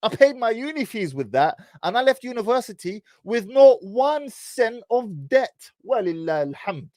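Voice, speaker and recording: A man's voice: very high voice, big pitch swings, moderate pace, darkish tone, no echo. A man in his thirties with an English accent, telling a personal story in a casual, teasing, slang-heavy way. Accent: British, English. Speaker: vlogger.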